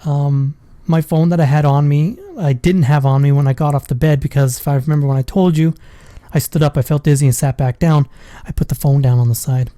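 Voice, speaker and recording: A man's voice: a little high, steady tone, a little fast, dark tone, no room sound, clean studio sound. A man, a father, casually telling a personal story in a rambling, profane way. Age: adult with a school-age daughter. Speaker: vlogger.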